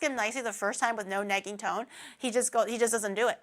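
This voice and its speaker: A young woman chats casually with her livestream viewers and reads their messages, laughing often. Her voice is fairly high, sharp, and slightly naggy and whiny, and she talks fast.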